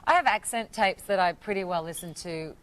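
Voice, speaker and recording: A woman's voice: on the low side, brisk, a crowd in the background. A woman in her thirties from Australia with an Australian accent, a guest actress chatting casually in a TV interview. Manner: relaxed, laughs easily, trails off.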